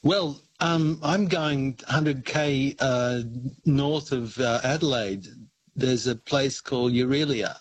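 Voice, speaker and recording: A man's voice: mid-range voice, takes it slowly, dry recording, rough recording. A man on his first call to a radio show, telling a story in a friendly, rambling way. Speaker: first-time caller. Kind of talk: phone-in storytelling.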